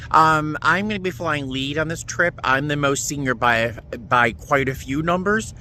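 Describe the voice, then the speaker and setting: A man's voice: fairly high pitch, normal speed, sharp tone, a little hiss or hum, poor audio. A man chatting casually to camera while driving, rambling and laughing as he talks. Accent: non-American accent. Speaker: vlogger, flight attendant. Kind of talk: casual vlog chat.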